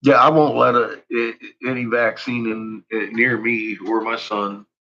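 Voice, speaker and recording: Swearing ranting man, husky and bright. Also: medium pitch, little pitch movement, measured pace. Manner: heavy swearing, laughs often. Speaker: vlogger. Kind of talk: casual profane rant. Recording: dull lo-fi recording.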